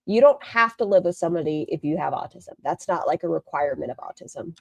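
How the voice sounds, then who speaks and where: A woman's voice: low-pitched, expressive, fast, creaky, darkish tone, dry recording. A woman hosting a live stream, giving blunt, sarcastic reaction commentary and swearing freely.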